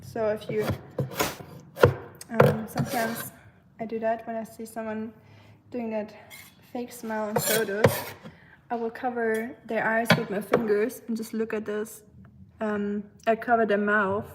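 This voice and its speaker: A woman's voice: fairly high pitch, completely flat delivery, measured pace, long pauses, heavy background noise. A woman from Germany with a German accent, casually chatting with viewers while cooking and often laughing as she answers their comments. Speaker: live-stream host. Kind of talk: casual live-stream chat while cooking. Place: home kitchen.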